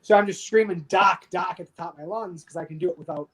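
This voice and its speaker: A man in his thirties from the United States, a podcast guest telling a war story candidly and with dark humor, swearing freely. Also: high voice, racing, rough recording. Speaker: podcast guest, army veteran. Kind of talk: casual storytelling interview.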